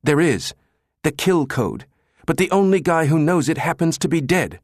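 A man performs a frantic male systems chief who shouts and insists urgently, pitching above his own natural voice. The delivery is slightly high with lively intonation at a moderate pace, in a dry, studio-quality recording.

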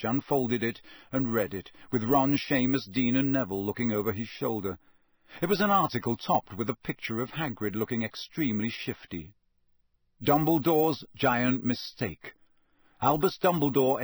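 A man reading a novel aloud as narrator, in a steady, measured storytelling voice that is slightly husky. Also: medium pitch, no echo, clean studio sound. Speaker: audiobook narrator.

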